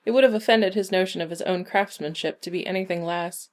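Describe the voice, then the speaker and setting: A woman narrating a short story in a measured, even reading. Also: fairly low pitch. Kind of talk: scripted narration.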